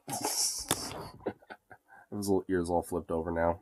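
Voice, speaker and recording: A man's voice: sits low, level tone, slow pace, long pauses, darkish tone. Man baby-talking to his cat. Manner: cooing baby talk to a pet. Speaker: streamer. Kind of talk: casual stream chat, talking to his cat.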